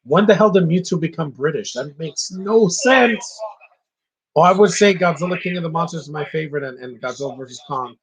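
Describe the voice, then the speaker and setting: A man's voice: fairly high pitch, brisk, slightly rough, rough recording. A man giving casual live commentary on a movie, opinionated and ranting about what he dislikes. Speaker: film commentator.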